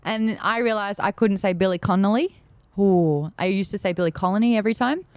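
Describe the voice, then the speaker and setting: A woman co-hosting a casual podcast chat, animated and jumping high in pitch when excited. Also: brisk, no echo. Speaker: podcast co-host.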